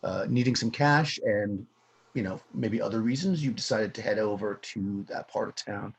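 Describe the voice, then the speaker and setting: Male game master, husky, casual and halting narration. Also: fairly low pitch.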